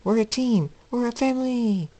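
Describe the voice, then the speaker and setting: A man's voice: very high voice, moderate pace, warm tone, pitched above the performer's own voice. A man voicing a hyper cheerful young female pony friend in a bubbly tone. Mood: excited.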